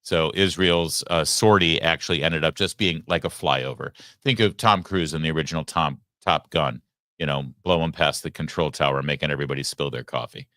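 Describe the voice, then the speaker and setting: Deep-voiced host with sarcastic asides. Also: male voice, brisk, bright, forceful tone, no echo, studio quality. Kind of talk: live political commentary show.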